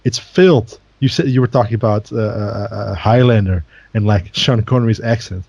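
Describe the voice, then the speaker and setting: Rambling man with a dull, mellow voice. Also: on the low side, moderate pace, vocal fry, no room sound. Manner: rambling, filler-heavy, laughing. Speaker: podcast co-host. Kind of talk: casual chat.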